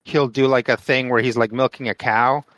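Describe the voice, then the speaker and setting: A man's voice: medium pitch, fairly even intonation, moderate pace, a bit bright, rough recording. A man playing a tabletop game, chatting casually and hedging with lots of fillers. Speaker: player.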